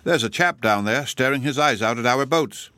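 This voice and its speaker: A man voicing an eager, hearty gentleman uncle in an audiobook, brisk and cheerful. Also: mid-range voice, smooth, dry recording, clean studio sound, pitched above the performer's own voice, lightly acted.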